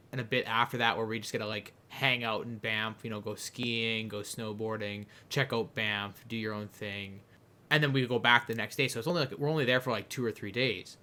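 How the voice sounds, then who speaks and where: A young man from Canada telling a long, animated anecdote on a podcast, rambling and often breaking into laughter. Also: medium pitch. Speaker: podcast host. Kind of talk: casual storytelling chat.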